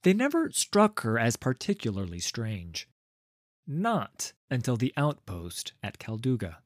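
A man reading a fantasy story aloud as narrator, in a lively, unhurried way. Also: on the low side, no echo, clean studio sound.

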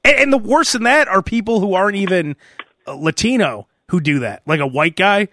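A man in his thirties hosting a podcast, telling rambling, animated stories and laughing as he goes. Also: high-pitched, fairly quick, dry recording, clean studio sound. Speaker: podcast host. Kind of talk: casual podcast chat.

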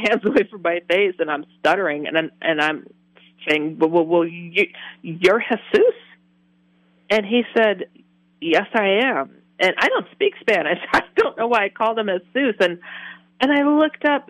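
A woman recounting a personal experience with animated storytelling, now and then laughing as she acts out her own reactions. Her voice sits in an ordinary middle pitch. The recording is close and dry, with no room sound. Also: no echo, rough recording. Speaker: interview guest. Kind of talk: personal testimony.

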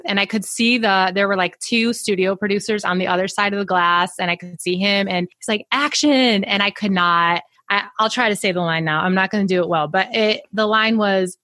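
A woman guest on an interview show tells stories with animated energy and frequent laughter. Her pitch is in a middle range. The recording is dry and close. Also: no room sound. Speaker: guest, author and editor. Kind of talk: storytelling in an interview.

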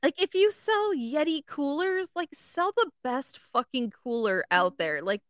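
A female podcast co-host with a fairly high, lively voice, blunt and profane as she backs up her partner. The sound is dry and close, with no room around her. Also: dry recording. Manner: blunt, profane, quick to agree. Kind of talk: casual podcast chat.

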